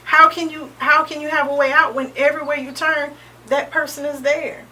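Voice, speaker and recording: A woman in her thirties, an interview guest sharing a personal testimony in a halting, earnest way, often pausing with "um" and restarting. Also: sits high, flat delivery, bright, forceful tone. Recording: distant mic with faint background noise.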